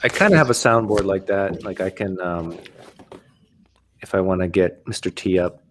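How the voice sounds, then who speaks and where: A man's voice: sits low, normal speed, slight background noise. A man hosting an online poker game, chatting casually and laughing often. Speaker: poker game host and streamer.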